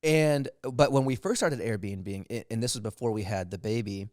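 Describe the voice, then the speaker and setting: A man's voice: on the low side, normal speed, darkish tone, dry recording, clean studio sound. A man in his thirties co-hosting a comedy podcast, telling rambling stories with frequent laughs. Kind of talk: casual chat, comic storytelling.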